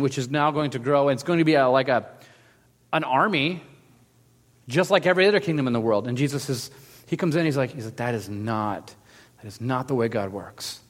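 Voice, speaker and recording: A male pastor gives a relaxed, conversational sermon and slips into little acted quotes as he tells the story. His voice sits fairly high for a man. A long reverb trails behind him, as in a big hall.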